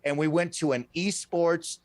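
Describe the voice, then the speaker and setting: A man telling a long personal story as a podcast guest, animated and ending his sentences with "right?". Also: fairly high pitch, measured pace, a little hiss or hum.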